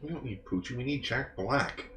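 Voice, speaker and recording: A man co-hosting a podcast, arguing playfully and firing off quick comebacks. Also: mid-range voice, a bit bright. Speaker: podcast co-host. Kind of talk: casual chat. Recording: roomy echo.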